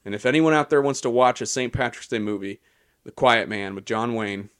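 A man's voice: medium pitch, fairly quick, fairly bright tone, clean tone. Rambling young man on a podcast. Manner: rambling, chatty, with restarts and laughs. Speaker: podcast co-host. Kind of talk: casual chat.

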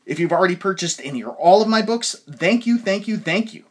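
Slightly high-voiced male podcast host. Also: lively intonation. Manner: earnest, slow and careful when spelling things out. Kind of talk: podcast hosting.

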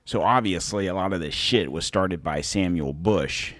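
A man's voice: low-pitched, normal speed, a bit bright, dry recording. A man hosting a podcast in a casual, rambling monologue, laughing and correcting himself as he goes. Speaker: podcast host.

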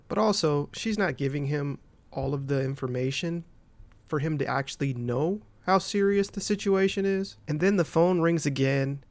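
A man with a fairly high voice talks through a film plot like a podcast host, rambling and swearing freely. He stacks up fillers and keeps checking in with "right?". The sound is dry and close, with no room around it. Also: no echo. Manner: rambling, profane, heavy fillers and "right?" tags. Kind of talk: casual film recap.

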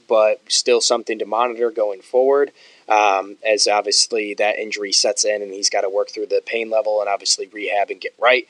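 Male podcast co-host, low voice, dry close sound, casual filler-heavy delivery. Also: a bit bright, no echo, low-quality recording. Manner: frequent "obviously" and "um" fillers. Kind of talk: casual sports podcast chat.

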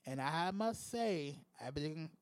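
A man's voice: measured pace, no echo. A man hosting a podcast, venting in a casual, profane solo rant with big swings in tone. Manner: profane, exasperated venting with lively pitch swings. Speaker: podcast host.

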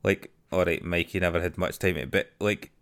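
A man's voice: sits low, a little fast, a bit bright, smooth. A young Scottish man in casual podcast chat, blunt, sweary and enthusiastic. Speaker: podcast co-host.

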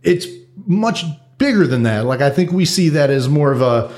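A man's voice: a little high, animated, moderate pace, darkish tone. A man co-hosting a casual political talk show, earnest and hesitant, stumbling over restarts and fillers. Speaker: podcast co-host.

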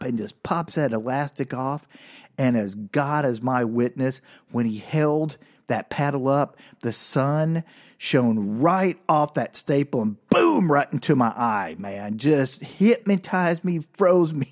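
A man's voice: on the high side, animated, moderate pace, a little mellow. A man hosting his own podcast, telling a childhood story in a comic, self-mocking way and laughing often. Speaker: podcast host.

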